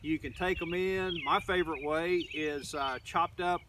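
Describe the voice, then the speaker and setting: A man's voice: a little high, a little slow. An older man from Oklahoma, a middle school teacher giving a casual, rambling lesson outdoors in his garden, with many fillers. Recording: distant mic, faint outdoor noise.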